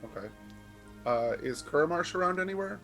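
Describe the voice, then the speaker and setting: A man's voice: high voice, animated, a little fast, fairly bright tone, faint music behind. A man playing a tabletop game, speaking hesitantly and checking details with the game master. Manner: hesitant, asks questions. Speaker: player.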